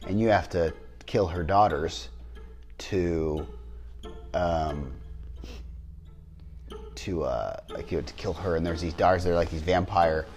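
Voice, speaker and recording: Low-voiced rambling man, casual chat. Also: a little mellow. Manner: rambling, many fillers and restarts. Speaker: podcast co-host.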